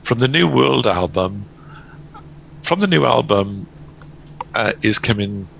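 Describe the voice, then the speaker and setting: A man's voice: on the low side, animated, creaky, a bit bright, slight background noise, rough recording. A man giving a prepared album review, stumbling and correcting himself now and then. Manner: halting, stumbles over words.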